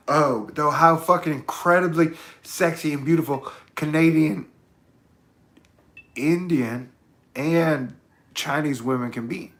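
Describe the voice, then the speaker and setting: A man vlogging in a loose, meandering monologue, cursing freely and swinging from mumbles to shouts. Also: on the high side, normal speed, echoey room. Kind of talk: rambling casual monologue.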